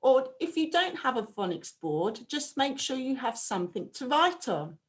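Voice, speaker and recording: A woman teaching a phonics lesson to young children, prompting them with slow, clear, drawn-out sounds. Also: high voice, very animated. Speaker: primary school teacher.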